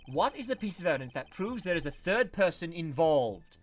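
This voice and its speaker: A man voicing a composed, logical male prosecutor for a fan voice-over of a game, speaking in a measured way. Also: a little high, sing-song. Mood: reasoning. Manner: measured, deliberate reasoning.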